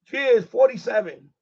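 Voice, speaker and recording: A man's voice: very high-pitched, gravelly, dark tone, breathy edge, dull audio. A man hosting a live stream in casual chat, boisterous and profane, laughing often.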